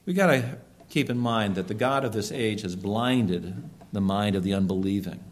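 A man preaching a sermon, earnest and emphatic, slowing down to stress key words. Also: fairly low pitch. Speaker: pastor.

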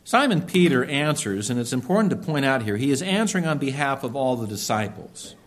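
A man preaching a sermon, earnest and emphatic, slowing down to stress key words. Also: mid-range voice, sing-song. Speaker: pastor.

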